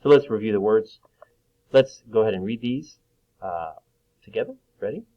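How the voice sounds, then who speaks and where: A man teaching young children to read, slowly stretching out each sound of a word. His voice sits fairly low, and the recording is dull and lo-fi. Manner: slow, sounding out words. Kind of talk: reading lesson for young children.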